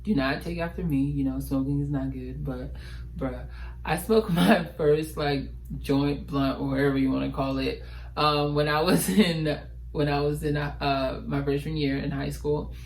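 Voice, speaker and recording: Animated, slangy young man vlogging. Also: fairly high pitch, measured pace, gravelly, rough recording. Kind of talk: casual chat to camera.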